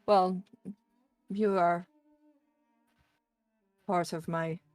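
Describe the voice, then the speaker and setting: A woman playing a tabletop game, speaking in character with halting, hesitant phrasing. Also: fairly low pitch, steady tone, darkish tone, no echo, faint music behind. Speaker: player. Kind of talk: casual in-character role-play.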